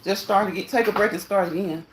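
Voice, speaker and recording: A woman's voice: medium pitch, steady tone, fast talker, roomy sound, background noise. Slightly winded woman talking while exercising. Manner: repetitive, encouraging, laughs often. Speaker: fitness vlogger. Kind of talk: casual talk while exercising. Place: indoors on an exercise machine.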